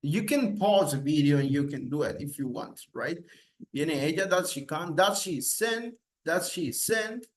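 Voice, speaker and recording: A man's voice: a little high, lively intonation, unhurried. A man teaching English grammar to Spanish speakers, repeating example questions with rising intonation and switching between English and Spanish. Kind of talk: slow recorded grammar lesson.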